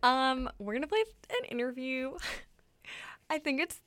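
High-pitched and animated, a young female radio co-host speaks at a measured pace with a slightly bright tone. Her casual banter is giggly and packed with "like."

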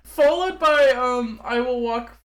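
A woman's voice: high-pitched, slow, fairly bright tone. A woman in casual podcast chat, making wry asides and giggling.

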